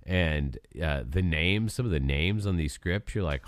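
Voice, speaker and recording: An older man co-hosting a podcast in casual chat, playful and quick to laugh. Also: low voice, no room sound. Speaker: podcast co-host.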